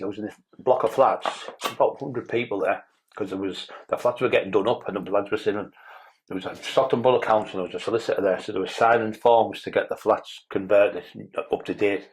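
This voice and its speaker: Podcast guest, male, low voice, fast and blunt storyteller who swears freely. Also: slight background noise, poor audio. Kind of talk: casual interview storytelling.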